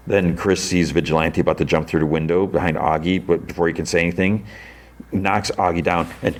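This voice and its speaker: A man hosting a podcast, recapping an episode casually with many fillers and jumping up in pitch when he quotes characters. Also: normal speed. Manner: animated retelling, jumps into character lines with a raised pitch. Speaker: podcast host.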